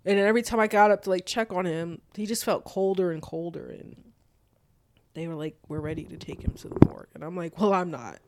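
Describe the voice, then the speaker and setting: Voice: mid-range voice, fairly even intonation, a little fast, a little hiss or hum. A young adult telling a personal story in loose, casual speech, full of "like" fillers.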